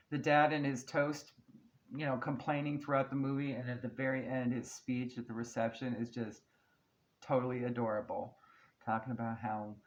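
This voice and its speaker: In a casual channeled reading, a tarot card reader chats reassuringly and laughs now and then, often checking in with "okay?" and "right?". Her voice is mid-range and the audio sounds dull.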